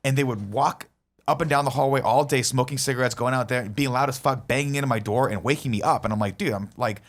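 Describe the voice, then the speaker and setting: A man's voice: medium pitch, fast. A man, a podcast co-host, telling a heated story in casual chat and swearing a lot.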